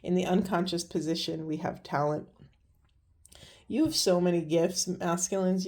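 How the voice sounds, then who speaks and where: A woman giving a spiritual card reading to her viewers, speaking slowly and earnestly with many pauses and restarts, moved close to tears. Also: on the low side, fairly even intonation, a little mellow. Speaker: tarot and oracle reader.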